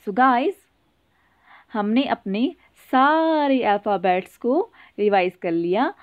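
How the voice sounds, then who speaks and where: A woman nursery teacher from Kashmir leading young children in a slow sing-along phonics lesson, chanting letter rhymes. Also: on the high side, animated, smooth, no echo, narrow, tinny audio. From Kashmir, India.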